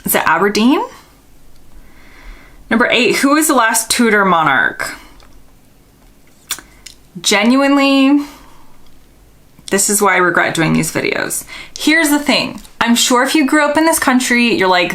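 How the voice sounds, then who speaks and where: A woman's voice: on the high side, animated, measured pace, long pauses, fairly bright tone. A young American woman vlogger, casually thinking aloud and second-guessing herself while answering quiz questions. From United States.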